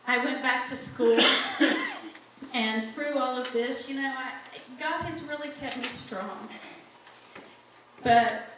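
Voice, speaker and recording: Heard from across a church sanctuary, a middle-aged woman shares her testimony with the congregation, addressing them directly in a slow, sincere manner. Her voice is a little high, the room is heavily reverberant, and a faint hum lingers underneath.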